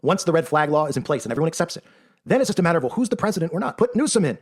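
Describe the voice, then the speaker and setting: A man's voice: fairly high pitch, very animated, rapid-fire. A man giving a sarcastic, emphatic monologue, often tagging his points with "right?". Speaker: online commentator. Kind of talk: rapid-fire monologue commentary.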